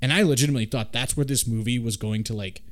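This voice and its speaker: A man hosting a casual film discussion, talking in an animated, rambling way and swearing freely. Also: mid-range voice, rapid-fire.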